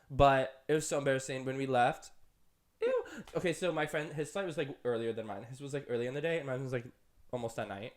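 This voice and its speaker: A young man co-hosting a podcast, telling a long story in casual chat with lots of "like" and "um". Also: quick pace. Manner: chatty, rambling, full of "like" and "um"; jumps up high for quoted voices and laughter. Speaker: podcast co-host.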